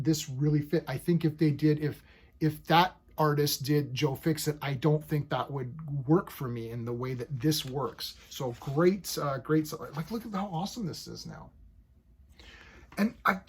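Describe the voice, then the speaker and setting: Excitable male reviewer, husky and slightly high, chatty and animated. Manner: excitable, animated, acts out characters' lines in quick paraphrase. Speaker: comic book reviewer. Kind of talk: casual video review.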